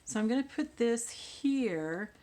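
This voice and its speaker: Speaking with a fairly high voice and lively intonation, a woman takes her time through a casual crafting tutorial. She talks and thinks aloud while working, often trailing off into soft mutters.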